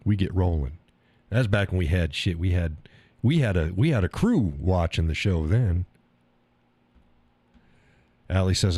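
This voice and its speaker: Tired, crude older male host in his 60s, low voice, dry close mic. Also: animated, a little slow, long pauses, dark tone, slightly rough, no room sound. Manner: crude, rambling, reads chat aloud, laughs often. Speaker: live stream host. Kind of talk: casual live-stream chat.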